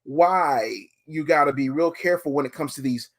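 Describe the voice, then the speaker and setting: A man hosting a podcast, chatting casually and telling stories in an animated, profane way. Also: fairly high pitch, moderate pace. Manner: animated, profane storytelling with acted quotes. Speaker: podcast host.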